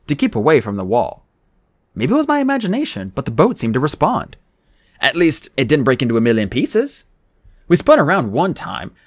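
A man reading an adventure novel aloud in the first person, with an expressive, dramatic delivery. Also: mid-range voice, dry recording, studio quality. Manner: expressive, dramatic reading with raised character lines. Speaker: audiobook reader.

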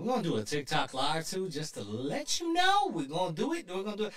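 A man co-hosting a podcast, chatting casually and joking with lively swings in his voice. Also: roomy sound, recorded from a distance. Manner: lively, joking, quick shifts in pitch. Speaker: podcast co-host and coach. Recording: voice set back from the mic.

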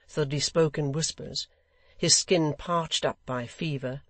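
A man narrating a classic novel audiobook in a measured, deliberate way. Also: fairly high pitch, dry recording.

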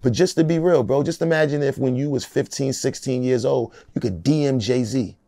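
A rough, gravelly, dark voice at medium pitch belongs to a middle-aged rapper speaking at a moderate pace in a casual interview. His talk is loose, emphatic and streetwise, and the close-miked sound is dry, free of any room sound.

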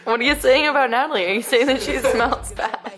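A woman's voice: sits high, fairly quick, a crowd in the background. A young woman giving a gushing, giggly birthday message to a friend, with lots of "um" and "like". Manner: gushing, giggly, full of fillers. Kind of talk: casual birthday video message. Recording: very echoey room, far from the mic, music playing.

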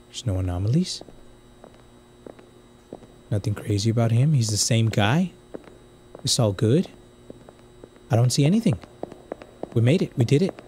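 A young man from the United States commenting casually on a game he plays, swinging from quiet muttering to loud outbursts. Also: lowish voice, slight background noise. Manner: excitable, swings from muttering to yelling. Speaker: gaming streamer.

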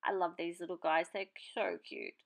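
Her voice sits on the low side, with fairly even intonation and some vocal fry. She's a papercraft channel host narrating a tutorial, explaining her marker colouring in a relaxed, chatty way while she keeps working.

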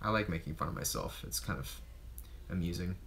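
A man with a low, slightly bright voice and vocal fry hosts a casual livestream while he cooks, talking a little fast. He jokes and mocks himself, swearing a lot.

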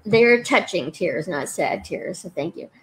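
A woman's voice: on the low side, lively intonation, measured pace, noisy background. A woman hosting a live online chat, talking in an earnest, thoughtful way and often restarting her sentences. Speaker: host.

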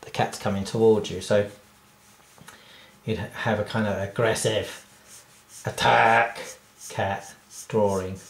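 A man talks through how he draws a cartoon, unhurried and rambling, full of fillers and self-deprecating asides. His voice sits in the middle of the range and has a roomy echo around it. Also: fairly low pitch, flat delivery, a little mellow. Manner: rambling, self-deprecating, laughs at own jokes. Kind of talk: casual drawing tutorial.

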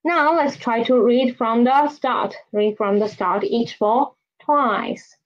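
Slow, patient woman teaching pinyin. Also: a little high, highs cut off. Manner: slow, patient drilling with repetitions. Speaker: Chinese language teacher. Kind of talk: online pinyin lesson.

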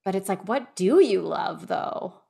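A woman's voice: on the low side, animated, unhurried, creaky, warm tone, breathy edge. Upbeat woman podcast host, often laughing. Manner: enthusiastic, laughs often, emphatic. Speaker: podcast host and career transition coach. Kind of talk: casual podcast conversation.

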